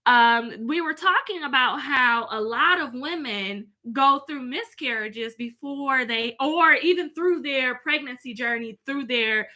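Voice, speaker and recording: Chatty woman in her 30s, vlogging from home, high voice, real bright. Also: a little slow, few pauses. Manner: chatty, speaks straight to viewers, reads out comments. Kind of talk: casual chat to viewers.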